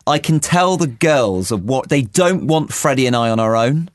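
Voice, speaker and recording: A man's voice: medium pitch, moderate pace, no echo, clean studio sound. A young man co-hosting a podcast, telling a rambling story in casual chat. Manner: rambling storyteller, lively and animated. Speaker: podcast co-host.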